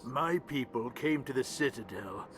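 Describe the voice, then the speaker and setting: A man's voice: mid-range voice, expressive, a little slow, lightly acted. An actor voicing a small, resentful male alien ambassador who speaks in a curt, condescending way. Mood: haughty. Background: game music.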